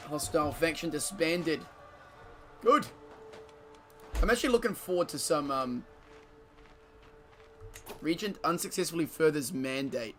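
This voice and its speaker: A man's voice: a little high, expressive, unhurried, long pauses, fairly bright tone, soft background music. Joking, profane gamer guy. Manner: casual, profane, joking banter with frequent laughter. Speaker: streamer. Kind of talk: gameplay commentary.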